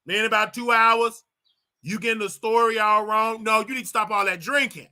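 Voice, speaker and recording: High, bright-voiced mocking male host. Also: moderate pace. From United States. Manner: mocking, animated, mimics others in exaggerated voices. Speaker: commentary show host. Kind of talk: casual commentary.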